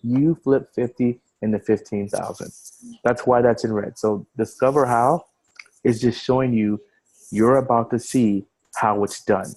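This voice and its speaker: A man's voice: mid-range voice, steady tone, unhurried, darkish tone, low-quality recording. A man giving a casual screen-share webinar walkthrough as an online marketing trainer. He talks over a video call, often repeating words and restarting phrases as he explains.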